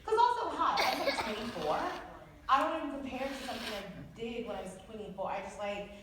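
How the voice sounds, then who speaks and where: A woman in her thirties on a book tour, telling stories casually to a live audience, laughing often and jumping up in pitch when exasperated. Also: sing-song, fast talker. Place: event hall with an audience. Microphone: audience camera recording from afar. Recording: echoey hall recorded from far off with crowd noise.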